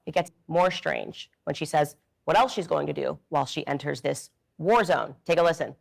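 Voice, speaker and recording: Gravelly, incredulous commentator. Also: medium pitch. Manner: incredulous, rapid-fire questions. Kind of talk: reaction commentary.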